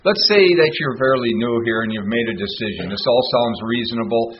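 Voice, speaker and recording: A man's voice: medium pitch, fast, few pauses, a little hiss or hum. An older man sharing his story at a recovery meeting, earnest and plain-spoken. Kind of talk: personal sharing talk. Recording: muffled lo-fi radio recording.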